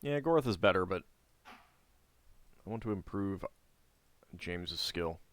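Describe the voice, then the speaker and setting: A man hosting a playthrough of a role-playing game, reading its story text aloud between relaxed, chatty comments. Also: low-pitched, slow. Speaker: gameplay host and narrator.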